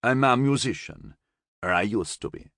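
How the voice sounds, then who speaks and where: A man voicing an older, relaxed, genial musician who talks in an easygoing, gently teasing way. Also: mid-range voice, moderate pace, gravelly, no echo, clean studio sound.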